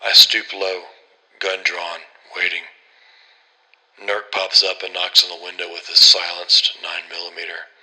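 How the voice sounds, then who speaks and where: Man, horror story narrator, grim, terse, very deep voice. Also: monotone, unhurried, sharp tone, low-quality recording. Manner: grim, terse first-person telling.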